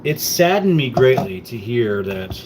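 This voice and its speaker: Casual male stream host, mid-pitched voice, playful and teasing, loose rambling delivery. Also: big pitch swings, measured pace, noisy background. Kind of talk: casual chat with viewers.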